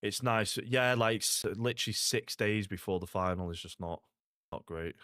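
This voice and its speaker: A man's voice: lowish voice, normal speed, a bit bright, no room sound, clean studio sound. A young man, chatting casually to viewers while playing a game, laid-back and full of "like" and "mate". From Salford, England. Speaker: streamer. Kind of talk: casual gaming stream chat.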